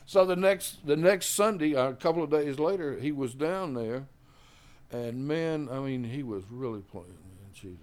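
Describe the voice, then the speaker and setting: A man's voice: expressive, a little slow, a little mellow. Older man, jazz musician, rambling casual storytelling, lots of "you know", voices quoted people. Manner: acts out others' quoted lines with raised pitch. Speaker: jazz musician telling stories.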